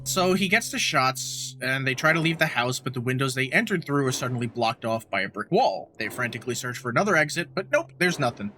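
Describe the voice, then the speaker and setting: A man co-hosting a casual podcast, recapping a horror movie in a profane, animated way. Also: medium pitch, fairly quick, few pauses, faint music behind. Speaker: podcast co-host.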